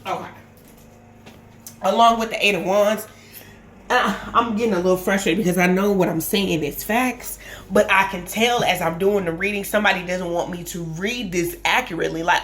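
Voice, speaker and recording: A woman with a mid-range, fairly bright voice speaks at a normal speed. She gives a casual tarot reading to camera, thinking aloud and emphatically restating her points again and again.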